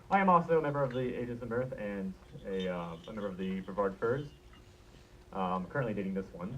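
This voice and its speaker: A man's voice: lowish voice, expressive, a little fast, fairly bright tone, dull audio, slight background noise. A man introducing himself on a convention panel, giggly and self-deprecating. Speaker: panel co-host. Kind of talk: casual convention panel talk.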